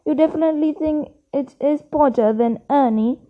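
Woman reading as an anxious schoolgirl, high voice, tinny phone-like sound, storybook. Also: normal speed, lightly acted. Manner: anxious, uncertain.

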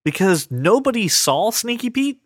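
Animated man hosting, stammering restarts. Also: high voice, measured pace, no room sound, studio quality. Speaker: podcast host. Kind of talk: casual chat.

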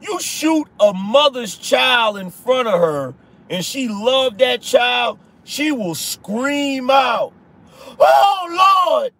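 High-pitched blunt male podcast host. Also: animated, slow pace, a bit bright. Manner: blunt, emphatic, repeats rhetorical questions; casual slang, swears. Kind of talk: conservative opinion commentary.

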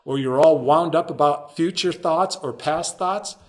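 A man, a guest in the conversation, tells a story and acts out the people in it as he goes. His voice sits a touch above the usual male pitch. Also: unhurried. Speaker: podcast guest.

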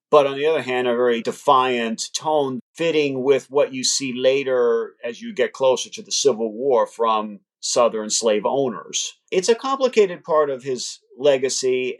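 Measured man explaining history. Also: mid-range voice. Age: adult, past law school. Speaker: author and guest. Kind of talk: interview answers.

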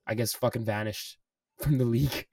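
A man's voice: mid-range voice, steady tone, normal speed, a little mellow, dry recording, recorded from a distance. A young man co-hosting a podcast, telling a story in casual chat, swearing often and filling with "like" and "bro". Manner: swears a lot, says "bro" and "like" constantly. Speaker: podcast co-host.

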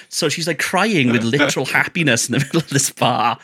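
A man's voice: medium pitch, normal speed, pauses often, bright, forceful tone, husky. A man, a podcast guest, telling candid personal stories in a chatty, self-deprecating way, often restarting his sentences. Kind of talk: candid storytelling conversation.

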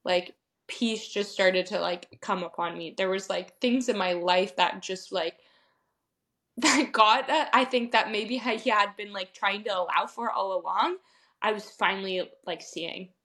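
A young woman speaks as a podcast guest, relaying her own story in loose, casual talk. Her voice sits at an ordinary middle pitch. She leans on filler words and breaks into small laughs. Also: measured pace, fairly bright tone. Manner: chatty, heavy use of "like" fillers, laughs often.

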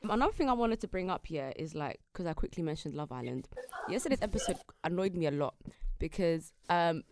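Fast-talking opinionated young woman. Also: lowish voice, background noise. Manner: animated, opinionated, quotes people in play. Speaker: podcast co-host. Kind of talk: casual chat.

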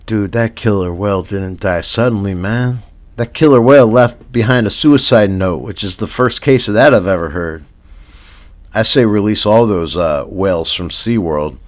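A man's voice: lowish voice, normal speed. A man hosting a comedic news parody podcast, talking in a casual, slangy way. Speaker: podcast host.

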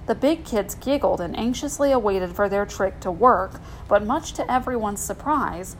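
A woman reading a children's storybook aloud in an expressive, gentle way. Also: medium pitch, moderate pace, few pauses, slight background noise, low-quality recording.

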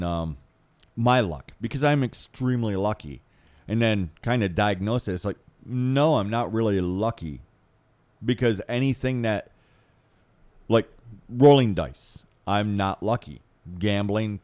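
Low-voiced joking man, dry sound. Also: darkish tone, dry recording. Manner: loose, joking, colloquial grammar. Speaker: podcast co-host. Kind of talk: casual unscripted chat.

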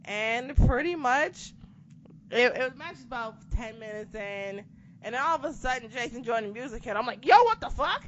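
A woman in casual chat who rants with lots of swearing and animated outbursts. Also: on the high side, moderate pace. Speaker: co-host discussing wrestling. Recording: dull lo-fi recording with faint noise.

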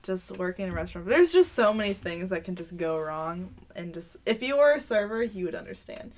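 A woman's voice: fairly low pitch, very animated, brisk, darkish tone. A woman in her twenties chatting casually on a podcast, blunt and profane, mimicking customers as she vents. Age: 20s. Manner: blunt, profane, mocks customers in put-on voices. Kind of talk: casual chat.

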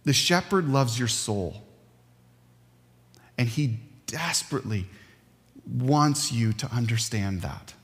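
A man preaches to his congregation in an earnest, emphatic way, leaning on pauses. His voice sits at a middle pitch. It carries a long reverb tail from a large church hall. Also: expressive. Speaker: pastor. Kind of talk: sermon.

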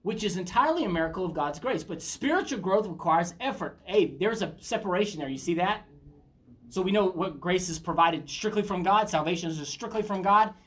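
A woman's voice: fairly low pitch, animated, brisk. A middle-aged woman teaching a Bible study in an earnest, conversational preaching style, often asking her listeners questions.

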